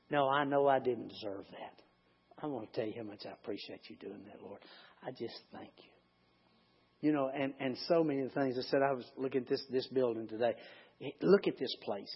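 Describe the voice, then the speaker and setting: A pastor preaching a conversational sermon in his church, swinging from loud emphatic lines to hushed, quiet prayerful ones. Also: fairly high pitch, slightly rough. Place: church sanctuary. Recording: dull lo-fi sound.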